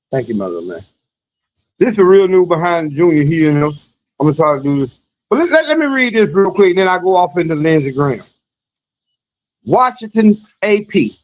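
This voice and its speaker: A man with a high-pitched voice hosts a live news stream, reading articles aloud. He keeps breaking off into loose, mocking commentary with chuckles and restarts. The audio is dull and lo-fi.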